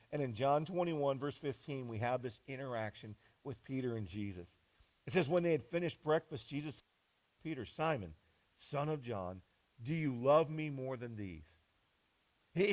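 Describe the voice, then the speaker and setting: This is a sermon by a man serving as pastor, who narrates scripture like a story. He alternates soft, deep lines with loud, high-pitched ones, captured on a rough recording.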